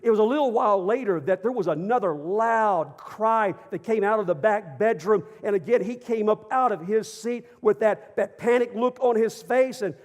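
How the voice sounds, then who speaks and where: A middle-aged man, a pastor preaching a sermon, slowing down to stress his words. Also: high voice, in a large hall. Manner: preaching with shifting emphasis, slows for stress. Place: church stage.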